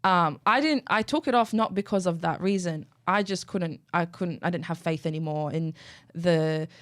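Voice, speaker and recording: Candid Australian-accented young woman, low voice. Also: moderate pace, dry recording, clean studio sound. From Iraq. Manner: candid, emphatic, swears freely. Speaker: guest. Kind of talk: casual chat.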